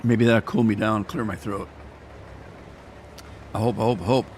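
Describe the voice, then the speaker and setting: A man chatting in a rambling, folksy way to live viewers while playing a farming game, his throat irritated so he keeps clearing it. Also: lowish voice, steady tone, moderate pace, a little mellow, slight background noise. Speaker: gaming streamer.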